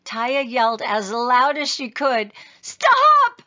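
A woman reading a children's story aloud in an expressive, sing-song way. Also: a little high, slow pace. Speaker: storybook reader.

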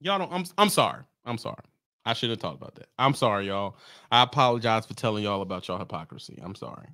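A man's voice: on the low side, very animated, fast, pushed and bright, no room sound, clean studio sound. Brash teasing man with a drawl. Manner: brash, teasing, laughs often, apologizes mockingly. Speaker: livestream host. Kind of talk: casual livestream rant.

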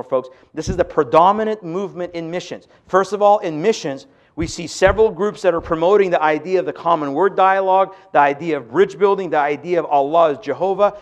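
A man's voice: high-pitched, brisk, hardly any pauses. A man giving an emphatic sermon-style lecture to an audience, asking rhetorical questions. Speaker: speaker on religion.

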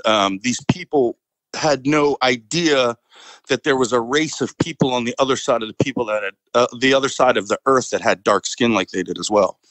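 Rambling veteran telling a war story. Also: male voice, medium pitch, fairly bright tone, no echo, poor audio. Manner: rambling, fillers, chuckles often. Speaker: military veteran guest. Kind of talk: casual storytelling.

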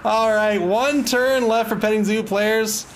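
A man's voice: high-pitched, fairly even intonation, unhurried, slight background noise. A man doing casual play-by-play commentary on a match. He laughs often, is wry and self-amused, and groans in mock despair at the plays.

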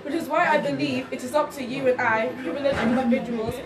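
A woman's voice: high-pitched, fairly even intonation, quick pace. A fourteen-year-old girl earnestly reading a prepared speech at an event, stumbling over a few words. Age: teens. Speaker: speech giver. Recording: echoey event hall, far from mic, loud crowd.

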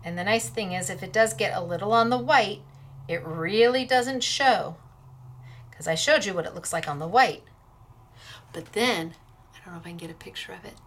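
A woman's voice: mid-range voice, normal speed, fairly bright tone. Chatty woman hosting a craft class. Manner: chatty and playful, talks while working. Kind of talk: casual crafting demonstration.

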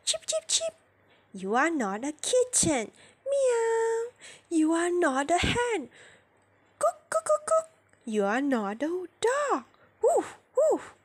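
A woman voicing a tiny lost baby bird in a storybook read-aloud, with a high, squeaky, pleading childlike voice. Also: wildly swooping pitch, slow, exaggerated voice. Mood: happy.

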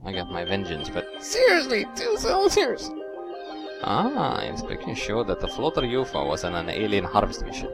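A man's voice: expressive, brisk, hardly any pauses, over loud music. A man commentating as he plays a strategy game, sarcastic and talking to himself. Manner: sarcastic, talks to himself, wild swings in pitch. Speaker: let's play host. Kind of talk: casual gameplay commentary.

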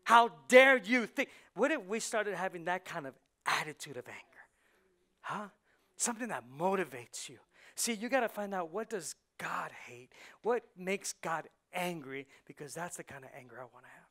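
A man, a pastor, preaching a sermon with rhetorical questions that build to shouting. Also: sits high, sing-song, normal speed.

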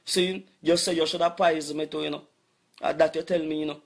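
A middle-aged man with a thick Jamaican Patois accent delivers an impassioned rant straight to his audience. His voice sits fairly high for a man, and he keeps circling back to the same phrases with heavy insistence. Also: level tone, fairly quick. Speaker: vlogger. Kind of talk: impassioned rant addressed to viewers.

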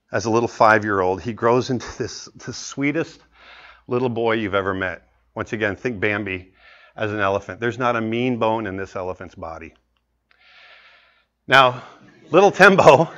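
Animated male story pitcher. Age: 40s. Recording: muffled lecture recording.

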